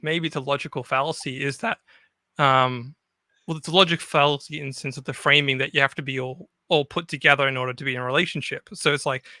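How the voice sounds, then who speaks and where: A man's voice: a little high, pushed and bright, no room sound. A man in a casual discussion, chuckling and thinking aloud with frequent restarts.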